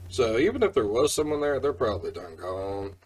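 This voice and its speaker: A man's voice: on the low side, big pitch swings, a little fast, a little mellow, slightly rough, poor audio. A man hosting a reaction video, chatting casually and joking with lots of fillers.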